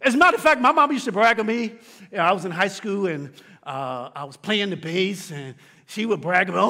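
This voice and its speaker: A middle-aged man preaches from the pulpit, his pitch leaping and falling with wide expression. He builds to shouts, then drops to hushed, low lines. His voice is high for a man, and a long church-hall reverb trails after it. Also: lively intonation, moderate pace. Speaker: pastor. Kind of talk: sermon. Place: church sanctuary.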